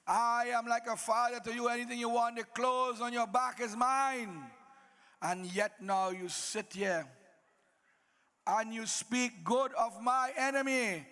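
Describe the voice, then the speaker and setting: A man's voice: extremely high pitch, unhurried, sharp tone, exaggerated voice. A man voicing Ravan, a proud demon king who scolds and commands with contempt. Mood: scornful.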